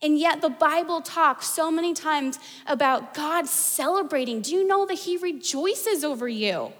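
A woman's voice: sits high, unhurried, long reverb tail. A woman pastor from the United States preaching a sermon in a chatty, storytelling way. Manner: conversational, storytelling with fillers like "like".

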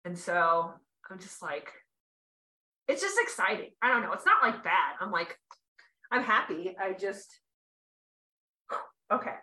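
A woman hosting a podcast rambles through her thoughts in a bright, edgy voice, teary and quick to laugh. The sound is roomy and echoing. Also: on the low side, lively intonation. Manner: rambling, emotional, laughs often. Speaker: podcast host. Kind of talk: casual chat.

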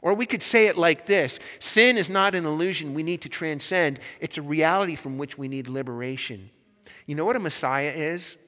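A man's voice: fairly high pitch, fairly bright tone. A man preaching a sermon as pastor, speaking in an impassioned, emphatic way in a church sanctuary. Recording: long reverb in a large hall.

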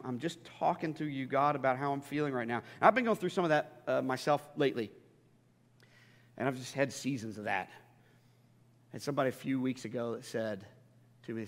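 In a church sanctuary with long hall reverb, a male pastor preaches a sermon. His medium-pitched voice moves a little fast, staying conversational before building to emphatic peaks.

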